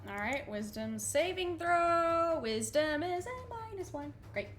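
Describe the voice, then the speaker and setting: Lively woman running a tabletop game. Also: high voice, faint music behind. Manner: lively, laughing, quick asides. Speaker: game master.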